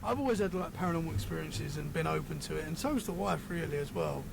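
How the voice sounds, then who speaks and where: A British-accented man with a quick, somewhat high voice and vocal fry chats casually as a podcast guest, with crowd noise around him. He tells rambling stories and keeps correcting himself as he goes.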